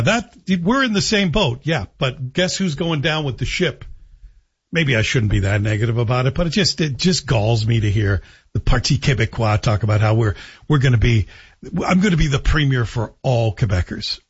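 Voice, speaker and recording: A man's voice: medium pitch, breathy edge. Sarcastic male talk radio host. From Canada. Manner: sarcastic, joking asides. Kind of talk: opinionated radio commentary. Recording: dull lo-fi broadcast audio.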